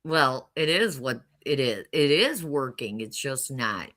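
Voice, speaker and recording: A woman's voice: rumbling low, lively intonation, a little slow, fairly bright tone. A middle-aged woman telling her life story casually and candidly, often laughing wryly. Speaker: mother telling her testimony.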